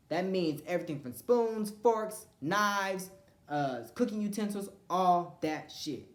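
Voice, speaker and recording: A woman's voice: on the low side, takes it slowly, echoey room. A woman ranting casually to camera, blunt and profane, acting out what other people said. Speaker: vlogger.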